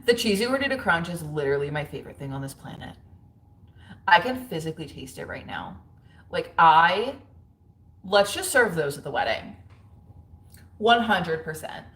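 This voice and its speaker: A chatty woman in her thirties talks casually to her livestream viewers from home. Her voice sits low, and the room adds a noticeable echo. She is frank, full of fillers, and quick to laugh. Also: sing-song, fairly bright tone. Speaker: livestream host. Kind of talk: casual livestream chat reading viewer comments. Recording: roomy echo.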